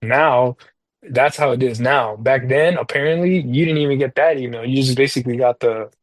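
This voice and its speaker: Guy on a podcast rambling thru a story, lots of "like" and "um", slangy, mid-pitched, dead dry sound. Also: moderate pace, no room sound. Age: adult parent. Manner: rambling, loose delivery full of fillers and slang. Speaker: podcast co-host talking soccer video games. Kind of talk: casual storytelling chat.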